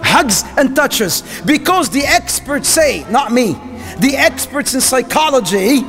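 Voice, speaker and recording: High-voiced animated male preacher. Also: measured pace, soft background music. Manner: animated, acts out little scenes. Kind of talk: sermon.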